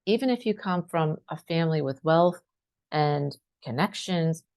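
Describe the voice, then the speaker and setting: A woman's voice: low voice, animated, measured pace, darkish tone. A woman speaking as a life coach, talking straight to her viewers in a conversational way, often asking "right?" and acting out her clients' complaints. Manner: conversational, asks questions, repeats "right?". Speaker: life coach and spiritual teacher. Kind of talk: direct-to-camera motivational talk.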